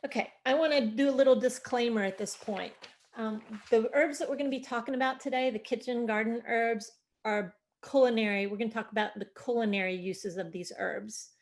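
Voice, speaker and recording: A woman's voice: a little high, a little fast. A woman presenting an online gardening workshop on a video call, explaining in a chatty, informal way with fillers. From Delaware, USA.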